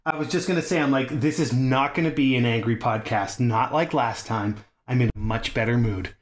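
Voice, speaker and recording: A man co-hosting a gaming podcast in casual chat, talking in an animated way, swearing freely and laughing often. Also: mid-range voice, fairly quick. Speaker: podcast co-host.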